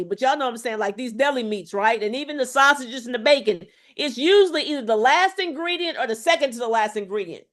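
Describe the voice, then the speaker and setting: A high-voiced woman coaching a crowd on health in a motivational lecture. She talks emphatically and preachily, keeps asking her listeners whether they hear her, and swings between loud bursts and low, confiding asides. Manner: emphatic, preachy, calls to the audience with repeated "y'all" and "okay?".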